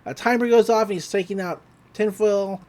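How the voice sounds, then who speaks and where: With a medium-pitched, somewhat mellow voice, a woman co-hosting a podcast casually walks through an episode. She's chatty, jumping into quick character voices and laughing along.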